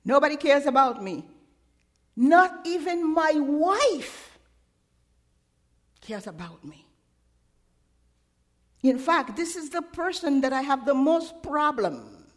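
A woman preacher voicing a despairing man who weeps and begs, in slow, heavy, pleading phrases. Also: sits high, very animated, full character voice. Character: despairing man weeping and begging.

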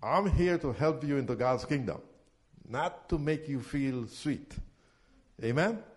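A man preaching a sermon as pastor, asking the congregation to finish his sentences and rising loud and emphatic on key words. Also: medium pitch, lively intonation, unhurried. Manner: call-and-response questions to the congregation.

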